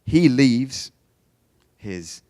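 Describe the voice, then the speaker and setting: A man giving a theology lecture in a conversational, animated way, often repeating words and saying "you know". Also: medium pitch, extremely slow. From United Kingdom. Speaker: guest lecturer.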